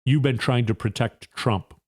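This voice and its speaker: A man's voice: medium pitch, normal speed, a little mellow. A man hosting a solo political commentary podcast, firing off indignant rhetorical questions in a fired-up way. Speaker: podcast host.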